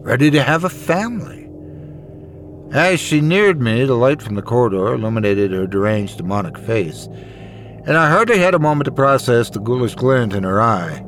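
A man narrating a first-person horror story in a measured, dramatic way. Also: medium pitch, very animated, a little hiss or hum.

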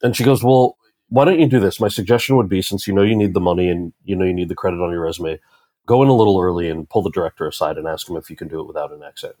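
Speaking at a racing pace in a low voice, a thirtysomething actor and author tells a story as an interview guest, animatedly performing the dialogue of everyone involved. There is no room sound on the recording.

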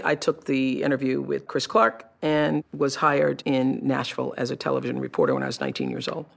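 A woman telling stories from her own career in an animated, expressive way. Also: deep voice, vocal fry. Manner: animated, expressive, acts out remembered voices. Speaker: television personality recounting her career. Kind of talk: personal storytelling talk.

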